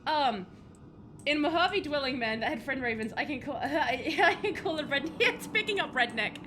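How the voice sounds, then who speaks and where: A woman's voice: sits high, lively intonation, normal speed, noisy background. A young woman chatting and rambling to her stream chat while she plays a game, laughing at her own jokes. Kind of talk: casual live-stream chat while gaming. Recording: music playing behind.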